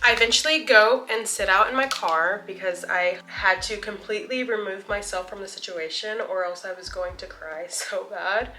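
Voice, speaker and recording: A woman beauty vlogger telling a story in a casual, chatty way while doing her makeup, with lots of "like" and an animated retelling. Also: mid-range voice, moderate pace, few pauses, a little hiss or hum.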